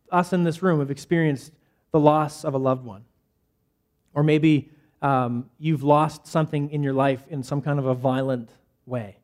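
Man, pastor, conversational sermon, slightly high voice, casual fillers. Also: a little mellow. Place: church hall.

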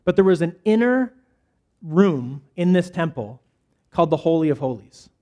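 A man's voice: fairly high pitch, very animated, normal speed, mellow. A man preaching a sermon to a church congregation in a casual, conversational way, often asking "right?" and "okay?" as he goes. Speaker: pastor. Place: church hall.

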